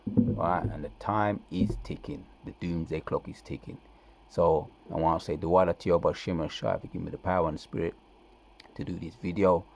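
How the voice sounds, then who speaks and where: A man preaching from scripture, reading verses slowly and breaking in with "right?" and "man" to drive points home. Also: sits low, steady tone, vocal fry, darkish tone. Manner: reads verses slowly then comments with frequent "right?" and "man". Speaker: scripture teacher.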